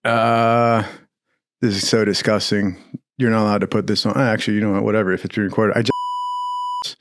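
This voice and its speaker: A man in casual storytelling, swearing freely, laughing often, and acting out quoted lines in a higher voice. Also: flat delivery, normal speed, background noise. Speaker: podcast storyteller.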